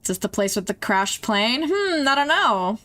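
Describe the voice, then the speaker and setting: A woman's voice: a little high, very animated, moderate pace, fairly bright tone. A young woman streaming, chatting casually and emotionally as she reacts to music videos, laughing and gasping along the way.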